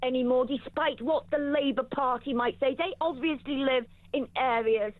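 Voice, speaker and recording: A woman's voice: high voice, moderate pace, no echo. A woman joining a talk show by phone, emphatic and repeating her points for effect. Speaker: guest on a phone line. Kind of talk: opinionated talk show debate. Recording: dry, tinny phone line.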